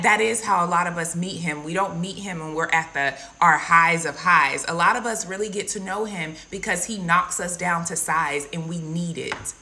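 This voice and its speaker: A woman's voice: fairly low pitch, bright, forceful tone. A woman giving an earnest, casual devotional testimony and addressing her listeners as guys. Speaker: Christian content creator.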